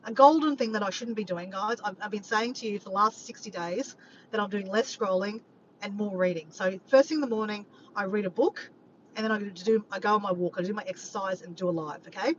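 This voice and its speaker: Speaking briskly in a mid-range voice, a female vlogger rambles casually to her live stream audience. She's animated, swears often, and keeps calling out "guys." The recording comes across slightly muffled, with faint noise behind her.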